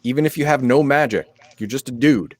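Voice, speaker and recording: A man's voice: medium pitch, fairly quick, a little mellow, a little hiss or hum. A sick man co-hosting an RPG stream, explaining game rules in a rambling way with many restarts. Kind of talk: casual chat.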